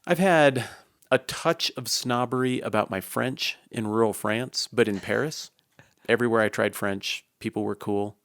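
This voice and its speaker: A man's voice: mid-range voice, normal speed, a bit bright, no room sound, clean studio sound. A man co-hosting a podcast, chatting casually, curious and jokey, asking questions. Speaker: podcast co-host. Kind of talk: casual chat.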